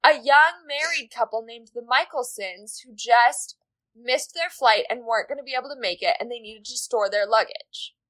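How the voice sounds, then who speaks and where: A woman's voice: fairly high pitch, normal speed, fairly bright tone, no room sound. A woman co-hosting a book podcast, casually and animatedly retelling scenes from a novel. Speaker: podcast co-host.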